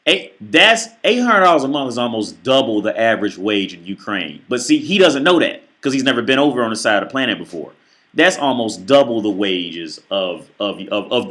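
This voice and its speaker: A man's voice: medium pitch, bright, forceful tone. A man ranting through a reaction video commentary, profane and emphatic, often stammering and restarting his sentences.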